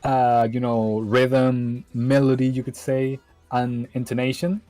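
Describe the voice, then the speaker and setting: A man's voice: medium pitch, little pitch movement, takes it slowly, dark tone, soft background music, poor audio. A man chatting casually on a game stream, rambling loosely and leaning on fillers like "you get me". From Chile.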